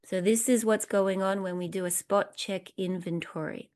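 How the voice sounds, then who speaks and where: A woman leading a recovery program step study, reading passages aloud and explaining them point by point in a deliberate, instructive way. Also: medium pitch, steady tone, darkish tone. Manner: slow, deliberate, instructive, lists points one by one.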